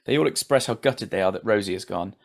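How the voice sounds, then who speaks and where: A man's voice: lowish voice, fast talker, creaky. A man hosting a casual podcast recap, chatty, laughing often and swearing casually. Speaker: podcast host.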